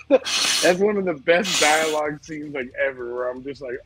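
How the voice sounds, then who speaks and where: A man's voice: on the high side, animated, measured pace, long pauses, music in the background. A man co-hosting a podcast, chatting casually, cursing often and groping for words. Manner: profane, rambling, gropes for words. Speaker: podcast co-host. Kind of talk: casual chat.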